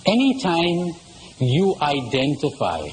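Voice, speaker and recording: A man's voice: a little high, very animated, slow pace, slight background noise, rough recording. A man giving a spiritual lecture to a live audience, asking rhetorical questions and telling jokes. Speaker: retreat speaker.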